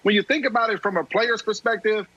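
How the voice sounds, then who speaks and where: A man's voice: high-pitched, steady tone, quick pace, bright, forceful tone, slightly rough, dry recording, lo-fi sound. A man who is a former player, giving emphatic sports commentary and repeating his key points.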